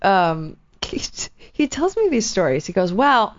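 A woman's voice: fairly low pitch, a little slow, slight background noise. A woman co-hosting a casual morning radio talk show, telling stories with lots of energy. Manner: animated storyteller, acts out quoted voices. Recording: muffled lo-fi radio audio.

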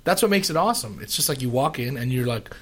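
A male radio show host in casual, jokey banter, excitable and full of filler words. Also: mid-range voice, quick pace, a loud crowd.

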